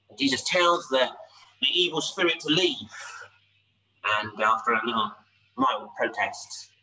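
Bright-voiced man preaching a sermon. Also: mid-range voice. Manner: conversational, asks rhetorical questions; pausing, lively emphasis. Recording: distant mic with faint background noise.

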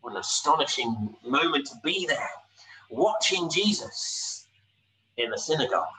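A man preaching a sermon in a conversational way, asking rhetorical questions with lively emphasis. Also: mid-range voice, a little slow. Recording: distant mic with faint background noise.

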